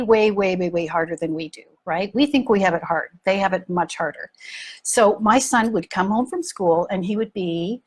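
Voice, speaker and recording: A woman's voice: mid-range voice, slightly rough. A middle-aged woman hosting a parenting talk, speaking frankly and animatedly and repeating words for emphasis. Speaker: parenting coach and podcast host. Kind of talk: casual talk to listeners.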